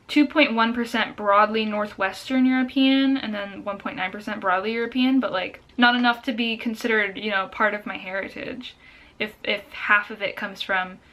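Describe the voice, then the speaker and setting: Bright, chatty young woman vlogger. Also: mid-range voice. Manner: chatty and excitable, reacting aloud with laughs and sighs. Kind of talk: casual vlog, reading out test results.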